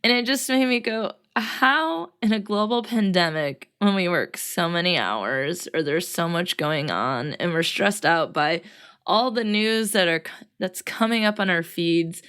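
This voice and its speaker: A woman's voice: lowish voice, animated, measured pace, a bit bright, clean tone. A woman hosting her own podcast in a chatty solo talk, worn out and very tired, laughing often as she talks. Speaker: podcast host. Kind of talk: casual solo podcast chat.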